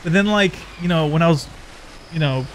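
A man's voice: on the high side, a little fast, a little hiss or hum. A man co-hosting a gameplay video, chatting casually, rambling with lots of "like", laughing and swearing freely. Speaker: let's play co-host. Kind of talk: casual gaming chat.

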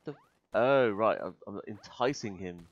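A man commentating his gameplay, muttering to himself between loud, swearing outbursts, a little tired. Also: fairly low pitch, lively intonation, a little slow, muffled recording. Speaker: gaming video host. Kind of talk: let's play commentary. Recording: faint game music behind.

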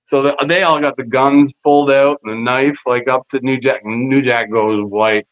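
A former wrestler guesting on a podcast tells backstage stories in a casual interview, his voice medium in pitch and moderately paced. He's an animated storyteller who acts out quoted voices with plenty of profanity. The audio is dull, lo-fi, with no room sound.

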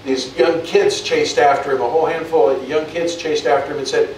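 A man's voice: on the high side, brisk, hardly any pauses, heavy reverb, far from the mic, slight background noise, rough recording. A male pastor preaching a sermon in a conversational way, often restarting and repeating words.

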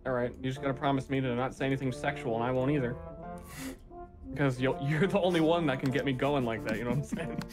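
A man's voice: mid-range voice, steady tone, quick pace. A man playing a party game with friends, teasing and laughing a lot. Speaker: guest player. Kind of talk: casual banter over voice chat. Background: game music.

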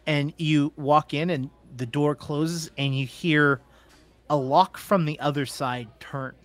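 Casual male game master, fairly high voice, halting narration. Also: steady tone.

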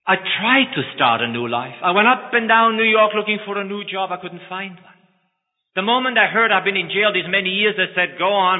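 A man voicing a desperate young male ex-convict pickpocket, pleading and frantic, told within a sermon. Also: medium pitch. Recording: tinny phone-like line, echoing hall.

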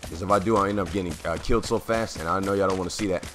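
A man giving casual gameplay commentary, chatty and rambling with many fillers, clearing his throat as his voice keeps cutting out. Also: deep voice, very fast, a bit bright, soft background music. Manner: rambling, chatty, full of fillers and self-corrections.

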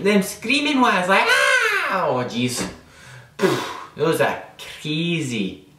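A man's voice: medium pitch, close to an everyday voice. A man with a Scottish accent playing a boastful, dim young vlogger who rambles and stumbles over his words in a comedy monologue. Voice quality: rambling, self-important, stumbling. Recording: echoey room, distant mic.

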